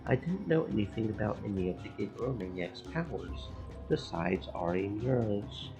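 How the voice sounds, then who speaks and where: A man streaming a game, reading its story text aloud in slow, measured narration. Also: lowish voice, expressive, gravelly, over music, rough recording.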